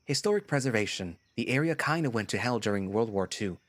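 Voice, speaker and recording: A man's voice: on the low side, expressive, fast talker, dry recording, lightly acted. A man voicing an easygoing shepherd dog ranger. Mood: explaining. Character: friendly male shepherd dog park ranger. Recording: music playing behind.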